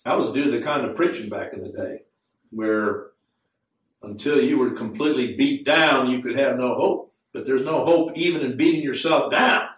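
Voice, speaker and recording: A man preaching a sermon, earnest and growing fervent, slowing down to quote scripture in the words of old Bible translations. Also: mid-range voice. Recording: echoey room, mic at a distance.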